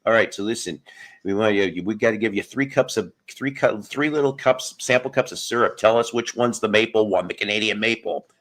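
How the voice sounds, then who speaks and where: A man's voice: fairly low pitch, brisk, a bit bright, natural voice. A man voicing a friendly male Canadian Mountie border guard who keeps adding "eh" to his questions, told as part of a joke on a casual livestream. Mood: folksy.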